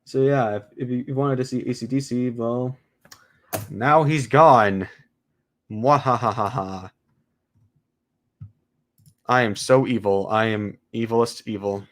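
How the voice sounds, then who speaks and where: Excitable man reading a script aloud. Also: mid-range voice, normal speed. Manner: excitable, exclaims at his own slips. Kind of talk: casual script read-through on a stream.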